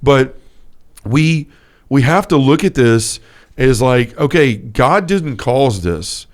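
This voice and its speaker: A man's voice: mid-range voice, lively intonation, takes it slowly. A man co-hosting a casual faith podcast, telling stories earnestly with lots of fillers. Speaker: podcast co-host.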